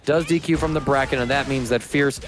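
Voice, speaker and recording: Man, fighting-game co-caster, analytical and chatty, mid pitch, faint music behind. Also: fairly even intonation, brisk. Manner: analytical, chatty, laughs easily. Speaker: esports co-commentator. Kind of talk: live fighting-game tournament commentary.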